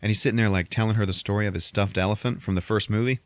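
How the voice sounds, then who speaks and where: A man with a lowish voice rambles through a movie recap on his podcast, laughing often and swearing freely. His voice sounds close and dry, with no room around it. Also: fairly even intonation, very fast, clear, resonant tone, no echo. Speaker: podcast host. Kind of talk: casual comedic movie recap.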